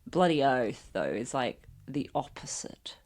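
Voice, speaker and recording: A woman's voice: extremely low pitch, very animated, measured pace, a little mellow. An Australian woman in casual chat as a podcast guest, explaining slang in a chatty way with lots of "like".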